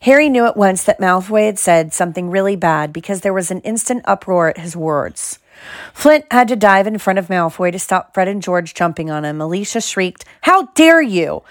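A woman reading a novel aloud in measured scripted narration, close to the mic. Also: fairly low pitch, no echo. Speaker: audiobook reader.

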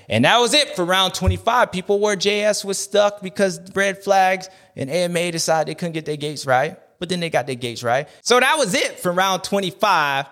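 A man hosting a race recap show, talking in a loose, slangy, joking rant that rambles from one aside to the next. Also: a little high. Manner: animated, rambling, slangy, jokey. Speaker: show host.

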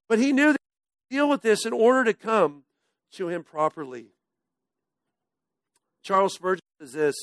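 A male pastor with a high-pitched voice preaches a casual, conversational sermon, often dropping to a near-hush at the ends of phrases. There's no room sound in the recording.

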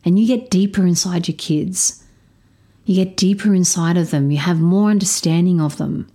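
An adult stepparent hosts a solo podcast, her voice low and dark and her speed normal. She talks frankly and emphatically about parenting, swearing plenty along the way.

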